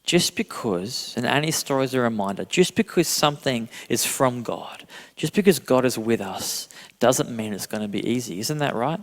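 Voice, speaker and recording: Animated pastor preaching in a reverberant hall. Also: male voice, mid-range voice, normal speed. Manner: animated storytelling, self-deprecating humor, laughs often. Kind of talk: sermon. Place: church hall.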